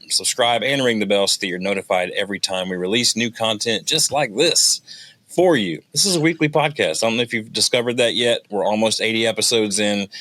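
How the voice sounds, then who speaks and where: Male podcast host, fairly low voice, chatty and playful, reads the promos with ease. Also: a bit bright. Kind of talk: casual podcast chat.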